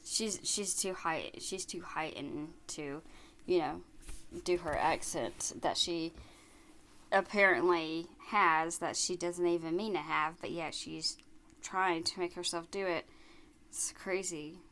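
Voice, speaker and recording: A woman hosts a reaction video, speaking slowly in a somewhat low voice. Her commentary is casual and steadily sarcastic. She mocks what she is watching. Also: steady tone, a bit bright. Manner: sarcastic and mocking.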